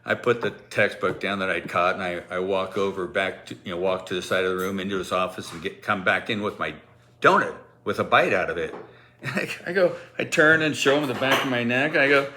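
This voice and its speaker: A male teacher telling a funny anecdote in a casual, animated way, laughing often and acting out the kids' voices. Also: sits low, fairly quick, a little hiss or hum.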